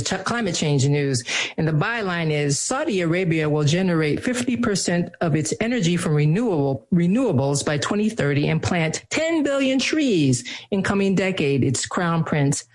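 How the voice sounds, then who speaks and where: A woman's voice: deep voice, expressive, normal speed, a little mellow. A woman co-interviewing a guest, asking questions in a wry, conversational way.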